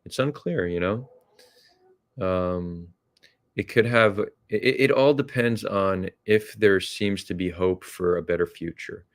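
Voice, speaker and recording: Low-voiced and slow, this male podcast host talks casually, pausing thoughtfully, hesitating and frequently starting sentences over.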